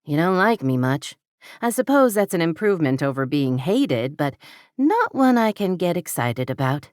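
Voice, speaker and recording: A woman's voice: low-pitched, very animated, moderate pace, a little mellow, no room sound, clean studio sound. A woman voicing a candid young woman who teases and confides earnestly. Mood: confiding.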